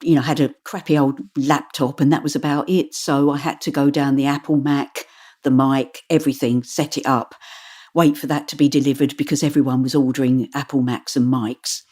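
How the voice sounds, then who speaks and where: Woman narrator, low voice, lively anecdotal delivery, loose interview. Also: a little fast. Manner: animated, stumbles and restarts while telling stories. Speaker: audiobook narrator. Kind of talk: interview answers.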